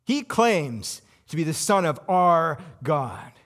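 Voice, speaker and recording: An actor playing an anxious Roman governor in a dramatic first-person monologue, intense and full of rhetorical questions. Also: male voice, on the high side, sing-song, slow pace, a bit bright, heavily acted. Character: anxious Roman governor, a cornered middle-aged man.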